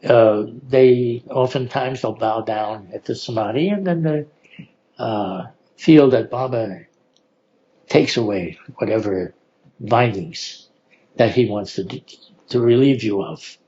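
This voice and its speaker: An older man telling personal stories in an unhurried way, laughing often as he goes. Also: mid-range voice, warm tone, dull audio. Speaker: oral history storyteller. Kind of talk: relaxed personal storytelling.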